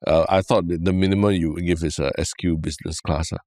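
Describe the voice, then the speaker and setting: A man's voice: deep voice, fast talker, dry recording, clean studio sound. A Singaporean man co-hosting a podcast, chatting casually with a Singaporean English accent and ending his points with "lah, right?". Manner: relaxed, chatty, drops "lah, right?" tags. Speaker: podcast co-host. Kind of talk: casual chat.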